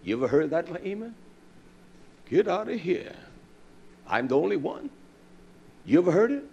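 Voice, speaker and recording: Fiery, animated man preaching a sermon. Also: moderate pace, creaky, breathy edge, lo-fi sound. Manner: fiery, swings between loud declaiming and low asides to the congregation; peppers speech with Hebrew terms and blunt curses.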